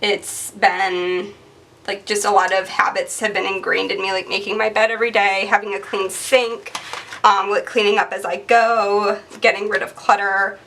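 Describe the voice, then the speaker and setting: Rambling chatty young woman, bright and gravelly. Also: medium pitch, level tone, moderate pace, far from the mic. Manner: rambling, chatty, lots of fillers. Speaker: planner vlogger. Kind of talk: casual chatty narration over crafting.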